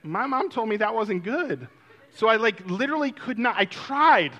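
A man telling a personal story in a sermon-like way, acting out quotes and then turning soft and reflective. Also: high-pitched, normal speed, muffled recording. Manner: animated, acts out quotes, drops to a soft reflective tone.

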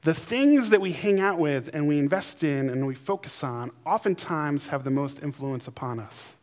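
A man preaching a sermon, telling stories with playful voices, then slowing and softening for emphasis. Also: on the high side, lively intonation. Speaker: pastor.

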